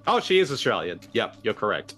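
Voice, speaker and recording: A man's voice: lowish voice, fairly bright tone, a little hiss or hum. A man hosting a casual watch-along podcast, chatty and laughing often. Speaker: podcast host.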